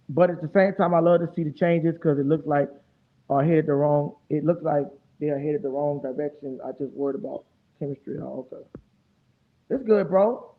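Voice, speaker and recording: A man hosting a casual fan stream, talking fast and loose with a lot of profane, animated trash talk. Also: on the high side. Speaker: fan show host. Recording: tinny phone-like audio.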